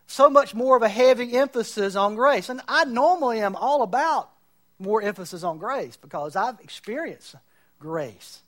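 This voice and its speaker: A man's voice: very high voice, lively intonation, normal speed. A man preaching as a pastor, building his points and acting out the voices of people he disagrees with. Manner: preaching, mocking quotes of others. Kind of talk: sermon.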